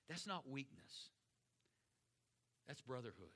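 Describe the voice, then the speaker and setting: A middle-aged pastor speaking in an earnest, conversational sermon style, often easing into soft, slow words and prayer. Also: male voice, on the low side.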